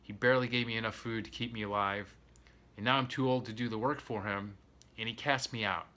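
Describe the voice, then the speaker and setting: A man's voice: lowish voice, steady tone, a little fast, sharp tone. A man voicing a weary old donkey in a spoken folk tale, resigned and tired.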